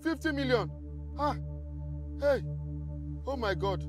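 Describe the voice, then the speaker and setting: A man's voice: very high-pitched, lively intonation, takes it slowly, music in the background. Alarmed pleading man. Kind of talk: Nollywood comedy acting.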